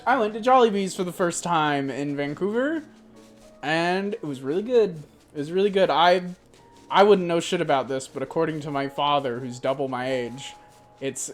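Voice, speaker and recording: A young woman streamer chatting casually in a rambling, animated way, swearing freely. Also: deep voice. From United States. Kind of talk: casual chat.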